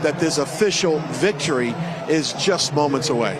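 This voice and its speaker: Field reporter over a roaring crowd. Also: male voice, on the high side, lively intonation, moderate pace, background noise. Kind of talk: live broadcast report. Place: watch party. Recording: broadcast with a loud crowd.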